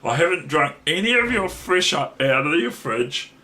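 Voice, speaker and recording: A man with a New Zealand accent voicing a chirpy, playful male toy penguin in a squeaky voice that repeats itself quickly. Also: very animated, sharp tone. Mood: sheepish. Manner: squeaky, repeats "yeah" rapidly, giggly.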